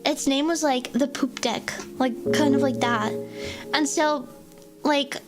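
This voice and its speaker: A woman's voice: high voice, fairly even intonation, takes it slowly. A young adult woman streamer telling a rambling story in a casual chat, full of fillers, acting out what people said. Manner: rambling, filler-heavy, acts out quotes. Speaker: VTuber streamer. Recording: loud music under the voice.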